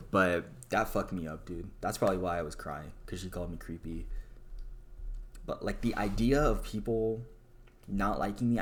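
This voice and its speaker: Deep-voiced young man rambling confessionally. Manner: rambling, self-deprecating, swears casually. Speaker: vlogger. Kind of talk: casual confessional monologue.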